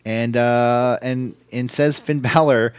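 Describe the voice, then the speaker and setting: A man's voice: mid-range voice, fairly even intonation, slow pace, smooth, no room sound. A man co-hosting a casual podcast, recapping wrestling in a loose, profane way and acting out quotes in silly voices. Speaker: podcast co-host.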